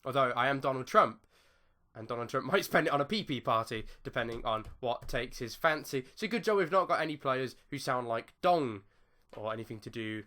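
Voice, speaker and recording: Bright-voiced man rambling jokily. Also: medium pitch, animated, fairly quick. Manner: rambling, joking, swears freely. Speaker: gaming channel host. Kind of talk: casual let's-play commentary.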